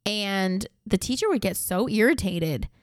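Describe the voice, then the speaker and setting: A woman's voice: medium pitch, a little slow, dry recording, clean studio sound. A woman in her thirties co-hosting a podcast, telling stories animatedly and laughing often. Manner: animated storytelling, mimics voices, laughs often. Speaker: podcast co-host. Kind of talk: casual chat.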